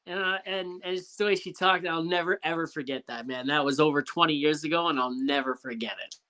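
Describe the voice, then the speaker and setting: A man from Canada hosts a podcast with a bright voice. He tells stories in a loose, rambling way, full of fillers and restarts. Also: fairly high pitch, a little fast. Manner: rambling storyteller, many fillers. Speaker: podcast host. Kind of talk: casual chat.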